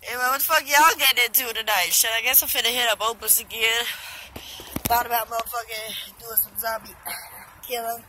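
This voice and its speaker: A woman's voice: fairly high pitch, fairly even intonation, brisk, pushed and bright, slight background noise, rough recording. A drunk young woman vlogging outdoors on her phone, rambling and swearing with loose banter. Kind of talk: casual rambling selfie vlog. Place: outdoors by a busy road.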